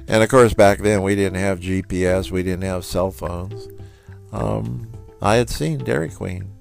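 Low gravelly man telling a story. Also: measured pace, soft background music. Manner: relaxed, conversational with quoted dialogue. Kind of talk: personal storytelling.

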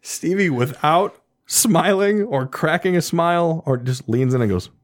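A man telling a funny story in a casual chat, animated and profane, laughing often as he goes. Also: on the high side, unhurried, no room sound, clean studio sound. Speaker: storyteller guest.

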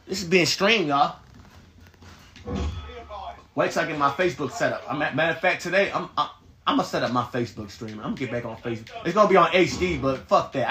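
A man calls out a shooter game on a live stream, cursing at his teammates and jumping into shouts. His voice sits high and swings widely in pitch. The sound bounces around an echoey room. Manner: profane, trash-talking teammates; excitable, bursts into shouting. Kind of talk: live gameplay commentary.

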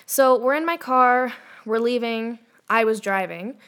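Young female podcast co-host, bright and high-ish, lively storyteller who curses. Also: measured pace. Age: young adult. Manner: animated, swears, laughs often. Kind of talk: casual storytelling.

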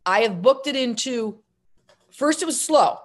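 A middle-aged actress and filmmaker telling stories as an interview guest, lively and self-mocking, jumping between tangents. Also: female voice, on the high side, measured pace. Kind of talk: casual interview storytelling.

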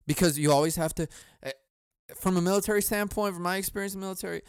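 A man on a solo comedy podcast with a slightly high, smooth voice, recorded close and dry. He rambles and swears in a cynical way, trailing off and starting his thoughts again. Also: no echo. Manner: cynical, profane, rambling with laughs and sighs. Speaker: podcast host.

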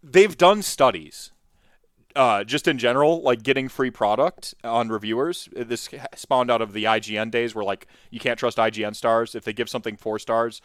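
A man's voice: mid-range voice, moderate pace, a bit bright, clear, resonant tone, dry recording, studio quality. A man co-hosting a casual livestream chat, rambling and swearing as he talks. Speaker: YouTuber co-host.

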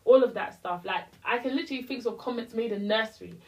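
A woman's voice: a little high, fast, far from the mic, rough recording. Impassioned young woman, slightly off-mic. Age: young adult. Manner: impassioned, rising to a heated rant. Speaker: podcast co-host. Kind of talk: casual chat.

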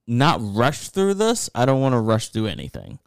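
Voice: medium pitch, huge pitch swings, normal speed, creaky, clean tone. A podcast co-host in casual chat, playful and teasing.

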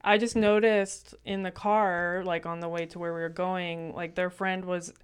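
A woman co-hosting a podcast in casual conversation, talking loosely with lots of fillers and quick teasing quips. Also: lowish voice, level tone, smooth. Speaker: podcast co-host.

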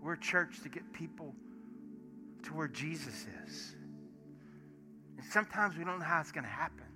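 In a church sanctuary, a pastor preaches a storytelling sermon, acting out dialogue as an animated storyteller and swinging from hushed asides to loud, shouting bursts. His voice is fairly high at a moderate pace, with soft worship music playing behind him.

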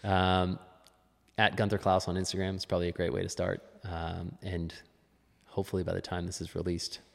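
A man's voice: sits low, completely flat delivery, fairly quick, gravelly, big-room sound. A man who is a fitness coach, chatting as a podcast guest in a musing, restarting way. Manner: musing, with frequent restarts and laughs. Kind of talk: casual interview chat.

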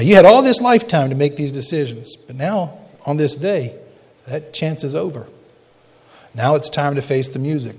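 A man's voice: mid-range voice, a little mellow, husky, long reverb tail. A male pastor preaching a sermon and reading scripture aloud with rising, emphatic delivery.

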